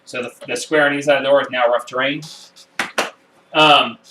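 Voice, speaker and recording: A man narrating as game master of a home tabletop game, animated, with quick voiced asides and many fillers. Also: medium pitch, background noise. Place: room at home. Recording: echoey room, far from the mic.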